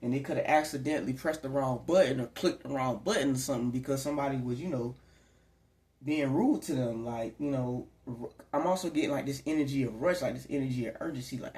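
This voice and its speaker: In an echoey room, a man with a medium-pitched, darkish voice delivers a quick-paced tarot reading to camera. He rambles in a chatty way and drops into acted quotes now and then.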